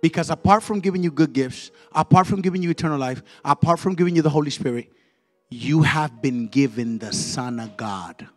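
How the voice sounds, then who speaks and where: A male evangelist preaching a fiery sermon in a church, leading call-and-response and swinging from quiet words to shouted, repeated lines. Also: on the high side, a little fast. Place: church sanctuary. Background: faint music from the musicians.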